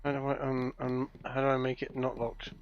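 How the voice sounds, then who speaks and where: A man's voice: medium pitch, monotone, brisk, muffled recording, slight background noise. A man chatting casually while he plays a game, giving joking, muttered commentary as he goes. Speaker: gamer playing on stream. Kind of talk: casual gaming chat.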